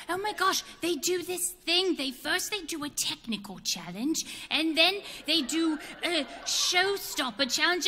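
A woman's voice: extremely high pitch, bright, forceful tone, long reverb tail, pitched above the performer's own voice, heavily acted. A woman imitating a gossipy elderly British lady with a put-on British accent. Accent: imitated British English.

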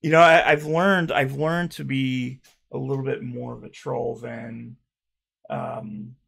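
A man's voice: medium pitch, flat delivery, slow pace, vocal fry, fairly bright tone. A man reacting to viewer comments in a casual vlog, talking sarcastically and crudely, with mocking jokes and frequent laughing restarts. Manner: stammering restarts.

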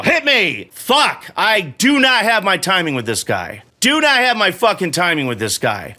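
A man's voice: sits high, big pitch swings, moderate pace, few pauses, pushed and bright. A middle-aged man playing a video game, swearing often and rambling in broken restarts as he grows frustrated. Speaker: gamer playing while his son coaches. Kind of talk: frustrated live gameplay commentary.

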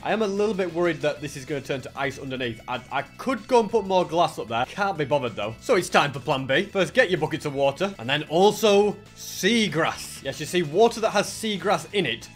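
A young man giving casual gameplay commentary, chatty and excitable, thinking aloud as he plays. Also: fairly high pitch, a little fast, few pauses, soft background music. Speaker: gaming channel host.

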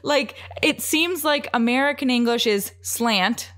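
A woman's voice: medium pitch, normal speed, a bit bright, no room sound. A young woman co-hosting a podcast, chatting casually in a playful, giggly way with lots of "like"s. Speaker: podcast co-host. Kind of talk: casual chat.

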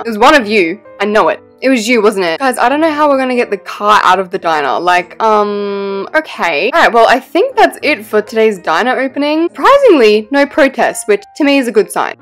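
Woman, gaming vlogger, excitable, animated swooping pitch, slightly high voice, faint music behind. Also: fast, few pauses. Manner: excitable, squeals and laughs often. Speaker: gaming YouTuber. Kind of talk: casual gameplay commentary.

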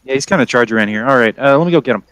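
Brief: man voicing a curt desk clerk, mid-pitched, hurried and dismissive, dry close sound. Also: a bit bright, clean tone, no echo, close to an everyday voice. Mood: brusque. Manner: hurried, dismissive, halting with fillers. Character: brusque male port clerk, impatient.

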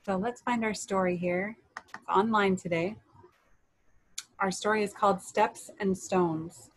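A woman reads a children's story aloud, gentle and soothing, with a mid-range voice. A faint hum of room noise sits underneath. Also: medium pitch, fairly even intonation, a little slow, rough recording. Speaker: children's story and meditation leader. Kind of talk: storybook reading.

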